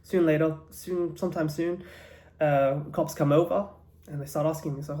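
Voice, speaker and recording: A man's voice: on the high side, steady tone, moderate pace, dark tone. A man telling a joke in a casual, rambling way, with many restarts and fillers.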